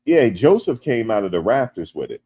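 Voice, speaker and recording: Deep-voiced joking American man streaming. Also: normal speed, slightly rough. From United States. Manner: animated and joking, rising loud when teased. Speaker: livestream host. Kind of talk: casual livestream chat, reading comments.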